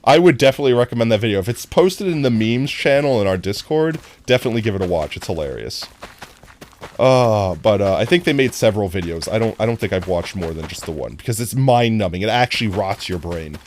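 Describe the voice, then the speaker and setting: A live streamer chatting casually to viewers while playing, goofy and rambling, often breaking into high laughter. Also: lively intonation, fast talker, darkish tone, slight background noise. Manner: talks directly to chat. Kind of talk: casual gameplay stream chat.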